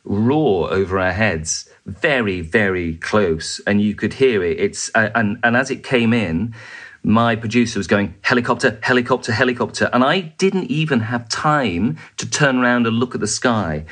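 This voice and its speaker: A journalist recounting a war experience in an interview, vivid and halting, with fillers and restarts. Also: male voice, lowish voice, expressive, fairly bright tone. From United Kingdom. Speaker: journalist guest.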